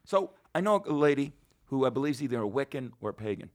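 A man hosting a podcast, telling rambling, foul-mouthed stories in casual chat, his voice slightly hoarse. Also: mid-range voice, sing-song, fast talker. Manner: rambling storyteller, swears freely, laughs often. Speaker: podcast host.

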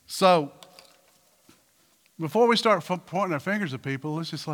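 A bright, forceful male pastor, preaching with call-out questions and sudden loud swells. His voice sits a little high for a man and rings through a large church hall with a long echo, with soft music underneath. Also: animated, normal speed, long pauses. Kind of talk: sermon. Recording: reverberant hall with faint music.

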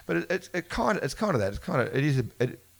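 A man's voice: fairly high pitch, very animated, fast talker, vocal fry. A man telling rambling stories in casual conversation, correcting himself often and laughing as he goes. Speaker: musician being interviewed. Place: bookshop event before a live audience. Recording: live event recording.

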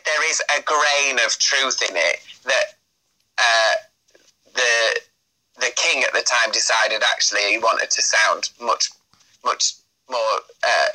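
A man's voice: mid-range voice, lively intonation, measured pace, pushed and bright, rough recording. A man chatting as an interview guest, explaining at length in an easy, talkative way. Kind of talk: casual interview chat.

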